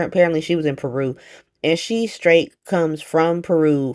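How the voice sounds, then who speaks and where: A woman recapping a soap opera in a casual, profane, slangy monologue with lots of asides. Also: sits low. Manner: profane, animated, slangy retelling with quick asides.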